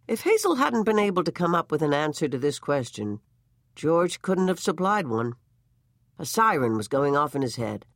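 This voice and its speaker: A reader narrating a short story in a measured, expressive way. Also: medium pitch, dry recording, studio quality. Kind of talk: story reading.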